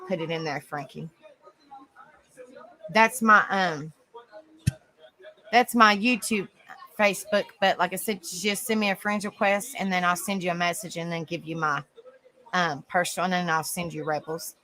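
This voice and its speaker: A woman's voice: lowish voice, normal speed, pauses often, sharp tone. A woman hosting a casual livestream panel, folksy and exclamatory, chatting with viewers while she types.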